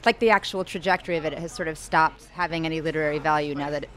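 Young woman author rambling thru an interview, kinda low voice, lots of likes and restarts. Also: rapid-fire, fairly bright tone. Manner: rambling, hesitant, filler-heavy with frequent "like". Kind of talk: conversational interview.

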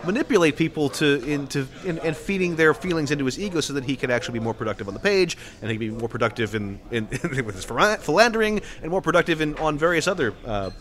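A man's voice: a little high, lively intonation, fast, hardly any pauses, fairly bright tone. A man hosting an interview, asking long, rambling questions full of stammers and restarts. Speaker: podcast host, interviewer. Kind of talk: conversational interview.

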